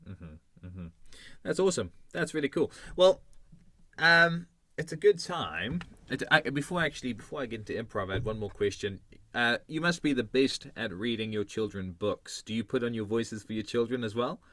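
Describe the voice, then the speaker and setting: A man's voice: mid-range voice, animated, normal speed, fairly bright tone, no room sound. Upbeat male podcast host, dry sound. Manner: upbeat, encouraging. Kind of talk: casual interview chat.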